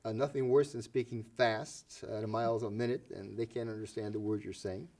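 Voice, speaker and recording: Mellow-voiced man hosting. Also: fairly low pitch, steady tone, fairly quick. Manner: chatty, laughs often, asks questions. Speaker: host. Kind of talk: casual educational discussion.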